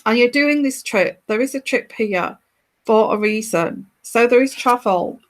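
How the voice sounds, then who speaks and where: Woman tarot reader with a slightly high voice, podcast reading, halting delivery with lots of fillers and self-corrections. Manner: halting, many fillers and restarts, speaking to the listener.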